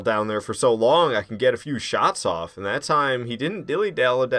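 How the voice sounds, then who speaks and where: A man giving casual, excitable commentary while playing a video game, slangy and quick to mock himself. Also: mid-range voice, faint music behind. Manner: excitable, self-mocking, slangy. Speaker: gaming commentator.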